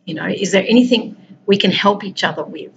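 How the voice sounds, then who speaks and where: Aussie woman chatting like a coach, talks right to you, middle pitch voice, bit of hiss behind. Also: brisk, vocal fry, highs cut off. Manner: conversational, speaks directly to listeners. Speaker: peace and wellbeing coach. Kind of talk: informal motivational talk.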